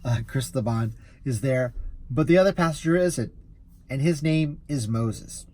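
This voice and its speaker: Male rideshare driver, chatty and amused, average pitch, loose storytelling. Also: lively intonation, measured pace, dark tone. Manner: easily amused, rambling with restarts. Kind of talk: casual storytelling vlog.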